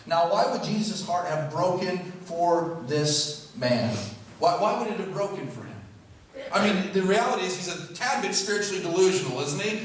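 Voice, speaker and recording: A man's voice: sits high, distant mic, a little hiss or hum. A male pastor preaching a sermon in a conversational way, full of rhetorical questions. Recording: very echoey hall, heard from afar.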